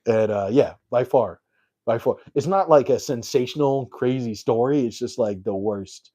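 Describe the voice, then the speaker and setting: A man's voice: medium pitch, moderate pace, mellow. A young adult man, a comedian, telling a story on his live stream in a rambling, self-deprecating way full of fillers.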